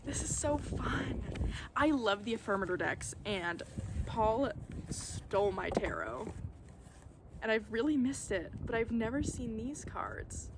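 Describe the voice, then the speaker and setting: A woman vlogger unboxing tarot decks outdoors, gasping and halting, overwhelmed with delight. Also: fairly high pitch, very animated, noisy background. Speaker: vlogger opening tarot mail. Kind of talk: casual unboxing chat. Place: outdoors at a table on a windy day.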